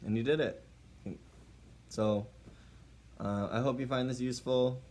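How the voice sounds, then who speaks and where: A man's voice: medium pitch, steady tone, a little slow, a little mellow. A man giving mock-serious dating advice in a playful comedy monologue.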